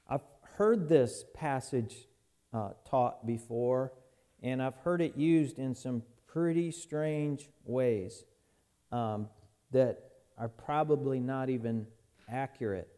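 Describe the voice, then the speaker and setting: Slow, mellow-voiced male pastor preaching. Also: on the high side. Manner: folksy, conversational preaching with many restarts. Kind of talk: sermon. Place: church.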